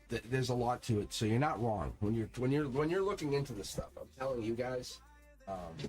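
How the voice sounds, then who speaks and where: A middle-aged man chatting casually as a tarot reader on a live stream, telling a story in a rambling, animated way with many laughs and restarts. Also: mid-range voice.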